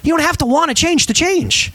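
A middle-aged man preaching a sermon, animated and joking, with big swings between high and low. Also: brisk, dry recording. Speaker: pastor.

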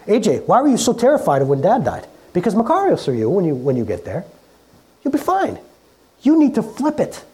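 A middle-aged pastor preaching in a relaxed, conversational way in a church, often repeating words and laughing at themself. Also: mid-range voice. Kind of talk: conversational sermon. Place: church hall.

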